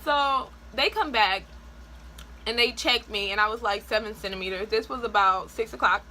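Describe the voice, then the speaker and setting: Chatty bright-voiced woman vlogger. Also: medium pitch, normal speed, slight background noise, rough recording. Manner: chatty, animated, frequent "like" and laughs. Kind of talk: casual personal storytelling.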